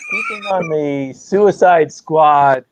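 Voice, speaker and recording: A man co-hosting a casual chat, reading out viewer questions briskly. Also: on the high side, wildly swooping pitch, background noise. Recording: dull lo-fi audio.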